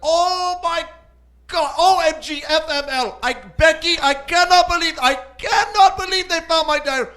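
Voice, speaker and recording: A man's voice: a little slow, sharp tone, exaggerated voice. A man doing a shrieking, hysterical villain. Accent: vague put-on foreign accent. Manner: shrill, hysterical, pouty. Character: panicked villain shrieking like a teen girl. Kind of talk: stand-up bit.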